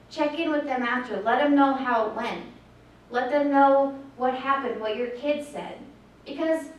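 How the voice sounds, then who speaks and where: High-voiced woman presenter in echoey room. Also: far from the mic, slight background noise. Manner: earnest, acts out shouted lines in a story. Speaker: suicide prevention presenter. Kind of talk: presentation with storytelling. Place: large echoey room with audience.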